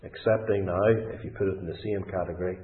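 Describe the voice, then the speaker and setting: A man preaching a sermon in a deliberate, emphatic way, leaning hard on key words. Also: deep voice, steady tone. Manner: deliberate, emphatic, with rising stresses. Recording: tinny phone-like sound in an echoey room.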